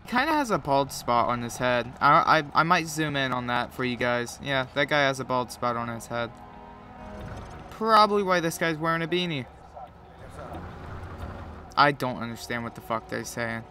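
A man's voice: medium pitch, lively intonation, normal speed, long pauses, bright, forceful tone, soft background music. A man with a cold giving profane, joking play-by-play commentary while playing a game. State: has a cold. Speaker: gamer commentator.

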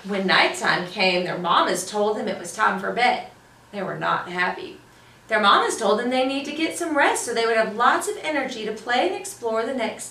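Brief: woman storytime host, high, animated sing-song delivery, slow and clear, echoey room, mic at a distance. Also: a little hiss or hum. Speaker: children's librarian storytime host. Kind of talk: reading picture books aloud to children. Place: library room. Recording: roomy, voice from a distance.

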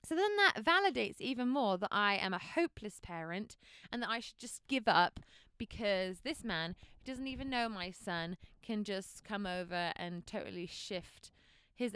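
A woman in her thirties hosting a podcast, telling a personal story in an animated way and laughing often. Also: medium pitch, clean tone, no echo, studio quality. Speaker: podcast host.

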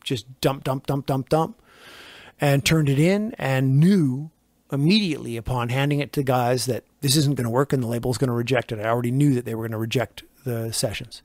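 A man's voice: medium pitch, steady tone, a little fast, darkish tone, dry recording. A man, a record producer, telling long, rambling anecdotes in a casual interview and acting out the quotes in them. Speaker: record producer and engineer guest.

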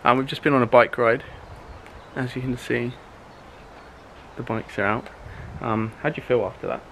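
A man's voice: medium pitch, fairly even intonation, normal speed, a bit bright, a little hiss or hum. A young man chatting casually to camera for a vlog, rambling with plenty of fillers and restarts. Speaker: vlogger.

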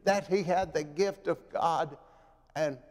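A man preaching a sermon in a church, dramatic, moving from loud pleading to hushed, quiet lows. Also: slow pace. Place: church sanctuary. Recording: long reverb of a church hall.

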